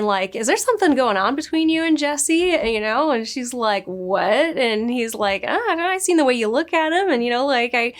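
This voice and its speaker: A woman in her thirties casually reviewing a TV episode, chatty and gushing, acting out the characters' lines in her own voice. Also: on the high side. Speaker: show reviewer.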